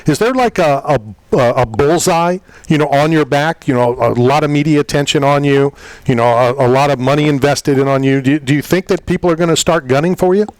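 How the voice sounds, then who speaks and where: A man's voice: fairly high pitch, fairly quick, dry recording, poor audio. A man hosting a combat sports radio show, asking questions in a chatty, rambling way with many fillers. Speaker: talk radio host. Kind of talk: casual radio interview.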